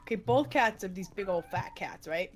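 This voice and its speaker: A woman's voice: medium pitch, normal speed, noisy background. A woman chatting with friends on a voice call while gaming, telling funny stories with lots of laughter. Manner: giggly, animated storyteller. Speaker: streamer playing with friends. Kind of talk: casual storytelling chat.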